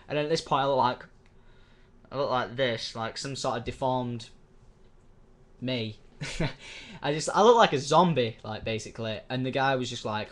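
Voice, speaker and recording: A man's voice: mid-range voice, moderate pace, a bit bright. Young male vlogger, casual, rambling, sweary storyteller who acts out quoted voices. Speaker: YouTuber.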